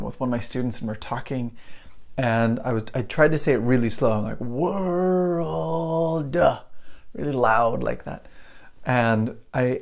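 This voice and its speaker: A man, an English teacher chatting live to viewers as he teaches pronunciation, greeting them by name. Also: mid-range voice. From United States. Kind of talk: live-streamed pronunciation lesson.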